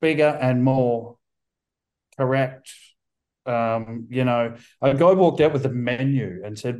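Rambling man with a mellow voice. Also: medium pitch, slow pace. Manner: rambling, swears often, many restarts. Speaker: band member guest. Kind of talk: casual interview chat. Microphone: video call.

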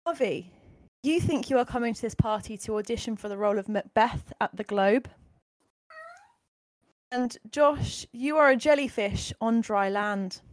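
A woman's voice: a little high, normal speed, dry recording. Woman running an improv game. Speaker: game organizer. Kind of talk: casual improv game hosting. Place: bedroom on a video call.

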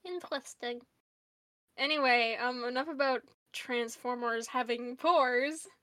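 High, bright-voiced woman podcast host. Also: normal speed, no echo, clean studio sound. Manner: animated, laughs often, many "like" fillers. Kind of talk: casual chat.

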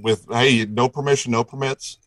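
A man's voice: mid-range voice, fairly even intonation, moderate pace, no room sound, poor audio. A middle-aged man telling a long story as a guest, enthusiastic and rambling, restarting his sentences often. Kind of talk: casual storytelling chat.

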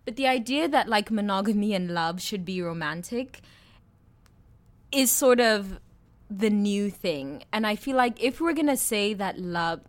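A woman's voice: medium pitch, animated, measured pace. A young woman in casual conversation, thinking aloud about relationships and often saying "like". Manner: reflective, uses filler "like" often. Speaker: conversation partner. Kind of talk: casual chat.

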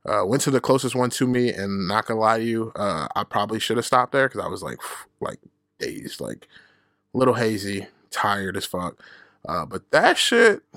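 A podcast host tells a personal story on his own show, casual, profane and candid, laughing at himself and imitating the people he quotes. His lowish voice moves at normal speed with a slightly bright edge, in a dry, clean studio recording.

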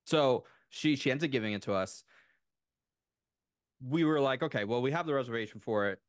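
A man in his thirties chatting on a podcast, telling a long story with enthusiastic, animated asides. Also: medium pitch, brisk, clean tone, no room sound, studio quality. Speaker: podcast co-host. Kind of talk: casual chat.

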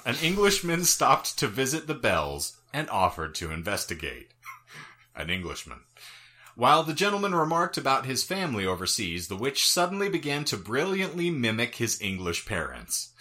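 Lively, bright-voiced comedy podcast host. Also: male voice, mid-range voice, breathy edge. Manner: reads history aloud with crude joking asides.

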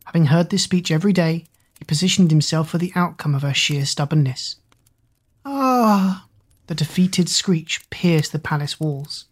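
Audiobook narrator, woman, low and husky, measured. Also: a little mellow. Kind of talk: storybook narration.

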